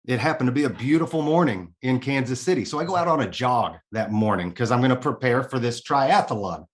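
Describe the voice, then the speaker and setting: A man's voice: mid-range voice, lively intonation, a little fast. A man as a podcast guest, telling a personal story in a candid, earnest way and swearing casually.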